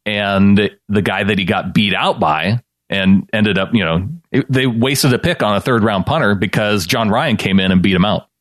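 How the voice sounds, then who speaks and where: Relaxed podcast man, dry sound. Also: on the low side, moderate pace, no echo. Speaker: podcast co-host. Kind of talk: casual sports podcast chat.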